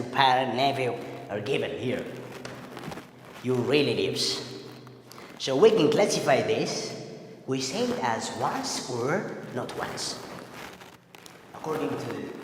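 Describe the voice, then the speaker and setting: A man teaching a classroom lesson, speaking emphatically and drawing out example words slowly. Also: medium pitch, slight background noise. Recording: echoey room with long reverb.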